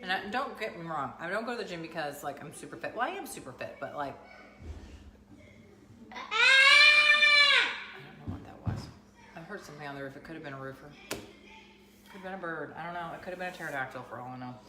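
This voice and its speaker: A woman's voice: deep voice, expressive, fast talker, pauses often, background noise. Rambling chatty woman, echoey room. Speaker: vlogger. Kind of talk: casual chat to camera. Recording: echoey room with music playing.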